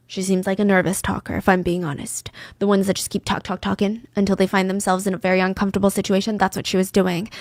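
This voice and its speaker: A woman's voice: mid-range voice, no echo, studio quality. A woman hosting a podcast, telling a true-crime story in a casual, chatty way and dropping into whispers for suspense. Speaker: podcast host.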